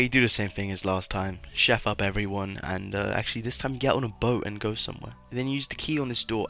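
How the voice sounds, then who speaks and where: A man's voice: fairly low pitch, sharp tone. A man doing a casual, rambling voice-over commentary on a video game, sarcastic and trailing off into mumbles at times.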